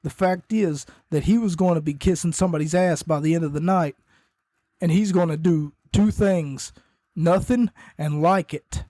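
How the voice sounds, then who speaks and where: A man's voice: a little high, normal speed, dark tone, no room sound. A man hosting a podcast, casually recapping wrestling in a rambling way, often correcting himself and coughing between points. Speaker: podcast host.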